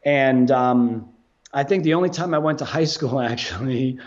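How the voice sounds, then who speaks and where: A man, a guest on a podcast, telling a story in a casual, animated way, swearing and laughing as he goes. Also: mid-range voice, moderate pace, muffled recording.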